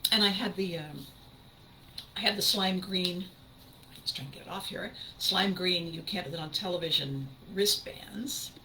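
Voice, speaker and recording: A woman's voice: fairly low pitch, measured pace, sharp tone, a little hiss or hum, low-quality recording. An older woman, a voice actress hosting her podcast, telling stories in an enthusiastic, emphatic casual monologue.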